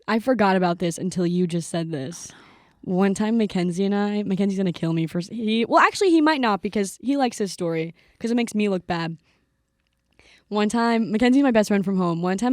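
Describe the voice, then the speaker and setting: A young woman co-hosting a podcast in casual chat, telling stories with lively acted-out quotes. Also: medium pitch, a little fast, no echo, clean studio sound. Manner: animated storyteller, acts out quotes. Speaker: podcast co-host.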